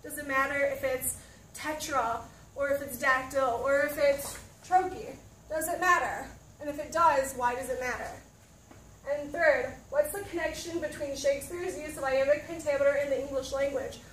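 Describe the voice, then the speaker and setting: High-voiced woman teaching from across a room. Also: steady tone, moderate pace, fairly bright tone, a little hiss or hum. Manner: checks in with students, asks questions. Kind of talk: classroom lesson. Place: classroom. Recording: roomy, from a distance.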